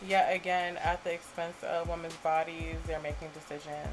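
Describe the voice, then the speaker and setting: A woman as guest host in a casual podcast chat, speaking in a measured, questioning way. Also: low voice, flat delivery, music in the background, poor audio.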